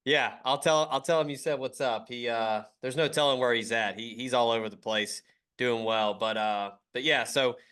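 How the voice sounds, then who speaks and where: A man hosts a sports podcast and chats in an easygoing, casual way. His voice is bright and forceful. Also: medium pitch, moderate pace, clear, resonant tone. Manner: relaxed, easygoing sign-off patter. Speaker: podcast host.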